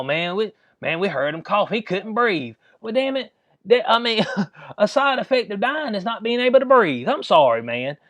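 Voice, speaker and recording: A man's voice: high-pitched, a bit bright, no room sound. A man hosting his own channel, ranting in casual slang with exasperated asides. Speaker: channel host. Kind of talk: ranting commentary vlog.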